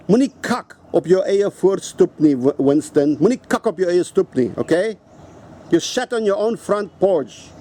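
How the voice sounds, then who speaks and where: Confronting someone directly in an angry, profane rant to camera, a South African-accented video host keeps repeating himself. His voice is high and a little mellow, with slight background noise.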